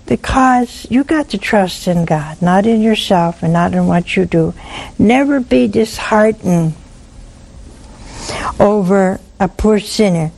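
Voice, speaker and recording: A woman giving gentle, folksy spiritual counsel to a caller, often checking in with "see?". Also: medium pitch, low-quality recording. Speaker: religious advice host.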